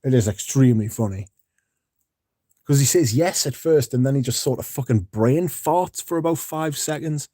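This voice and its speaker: A man's voice: mid-range voice, moderate pace, dark tone, no echo, clean studio sound. A man hosting a casual livestream, talking bluntly and swearing freely as he reads out and answers viewer comments. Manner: blunt and profane. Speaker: livestream host.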